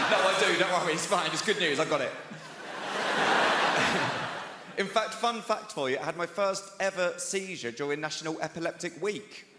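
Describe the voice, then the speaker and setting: A man's voice: fairly high pitch, noisy background. A young man doing a stand-up routine, chatty and self-deprecating, laughing between jokes. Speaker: stand-up comedian. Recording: live theatre, echoey hall, loud crowd.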